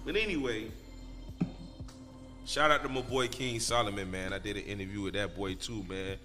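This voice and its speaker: A man's voice: lowish voice, steady tone, moderate pace, pushed and bright, long reverb tail, faint music behind. A man telling a story as a podcast guest in loose, profane street talk. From Miami, Florida. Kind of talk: casual storytelling.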